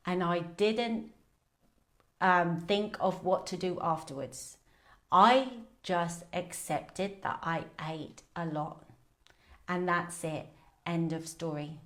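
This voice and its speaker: A woman coach talking candidly on a live video about food, rambling with fillers and restarts. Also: on the low side. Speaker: binge eating coach. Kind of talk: casual live video talk.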